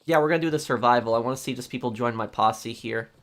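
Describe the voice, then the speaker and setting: Talking at a quick pace in a medium-pitched voice, a man streams a game and casually answers his chat. He often hesitates, says um a lot, and starts his sentences again.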